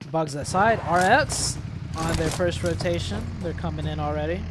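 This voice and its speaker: Excitable male esports caster. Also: on the high side, very noisy. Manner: excitable, rising to bursts on big plays. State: tired, yawning. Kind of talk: play-by-play commentary.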